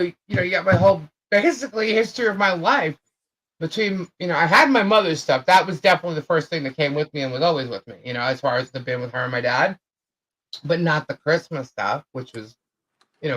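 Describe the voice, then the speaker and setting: A woman's voice: sits low, fairly bright tone, low-quality recording. A woman co-hosting a live chat show, telling a long story in a rambling way, full of fillers and repeated phrases.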